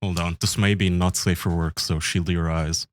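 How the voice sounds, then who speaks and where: A man co-hosting a podcast, crude and joking in casual banter, quick to laugh. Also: sits low, steady tone. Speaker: podcast co-host.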